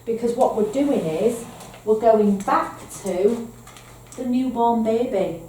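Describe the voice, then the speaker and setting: A woman with a Northern English accent leads a training presentation for foster carers, patiently explaining points and checking in with "okay?". Her voice sits on the high side, slow and dark-toned, with slight background noise. The mic is distant in an echoey room with faint ambience.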